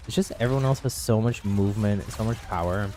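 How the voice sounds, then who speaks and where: Brief: male streamer, relaxed chatty commentary, lowish mellow voice, faint hiss behind. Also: fast talker. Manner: chatty, easygoing, laughs at himself. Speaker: streamer playing with viewers. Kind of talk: casual live gameplay commentary.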